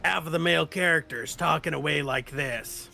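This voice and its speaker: A man's voice: on the high side, moderate pace, creaky, bright, forceful tone, soft background music. A man chatting easily while playing a game with a friend, mostly giving short agreeable replies. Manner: easygoing, agreeable, brief replies. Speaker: co-player. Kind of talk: casual gameplay chat.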